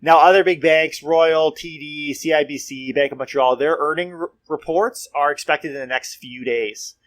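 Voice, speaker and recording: A young man hosts a casual market podcast and talks straight to his listeners. His voice sits a little high, and he drives points home by repeating them. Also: moderate pace, fairly bright tone. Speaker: real estate podcast host.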